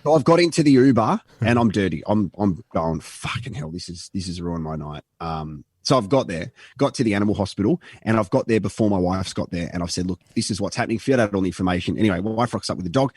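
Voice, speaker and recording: Aussie bloke, husky low voice, rambling story on a podcast, dry mic. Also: male voice, animated, fast talker, hardly any pauses, a little mellow, no echo. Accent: Australian. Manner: rambling anecdote with acted quotes. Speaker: podcast co-host. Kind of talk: casual storytelling.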